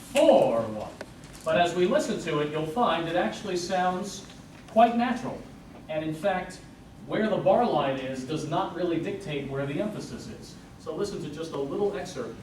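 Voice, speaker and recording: A man giving a lecture recital, explaining music to an audience and counting beats aloud. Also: on the high side. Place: recital hall. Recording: echoey hall from far off, noisy.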